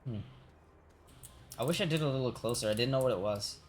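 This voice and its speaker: A man's voice: medium pitch, brisk. A male streamer venting about work while playing a game, swearing a lot and tagging sentences with "right?". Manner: profane ranting, constant "right?".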